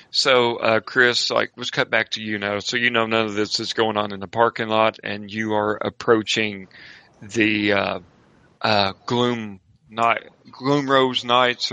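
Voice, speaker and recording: A man with a fairly low but bright, forward voice, running a tabletop horror session for his players. He rambles, restarts his sentences and pauses to dig for names as he goes. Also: no echo, rough recording. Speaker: game master. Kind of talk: running a tabletop horror game over a call.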